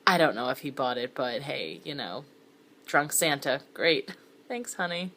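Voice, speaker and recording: Her voice is extremely low yet pushed and bright, animated though a little slow. She's a middle-aged narrator of a thriller web series, reading scripted first-person lines with sardonic, wry asides and occasional sinks into a whisper.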